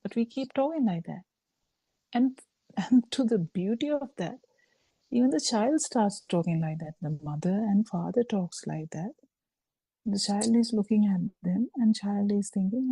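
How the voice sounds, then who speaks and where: A woman giving a slow, halting Buddhist dharma talk over a video call, with frequent fillers. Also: mid-range voice, dark tone, husky, no room sound, low-quality recording. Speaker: Buddhist teacher.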